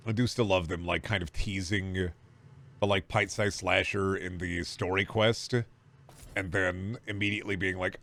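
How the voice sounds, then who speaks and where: A young male streamer with a low, gravelly voice riffs sarcastically and swears freely while playing. Faint game music sits underneath his talk. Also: normal speed, a bit bright. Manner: sarcastic, profane, rambling jokes. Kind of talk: casual gameplay commentary.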